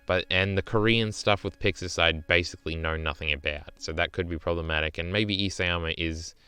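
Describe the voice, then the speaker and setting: A man's voice: deep voice, fairly even intonation, a little fast, bright, forceful tone, clean tone. A man streaming casual reaction commentary on an article, rambling and swearing, with many fillers and "right?" tags. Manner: rambling, profane, lots of "uh" and "right?".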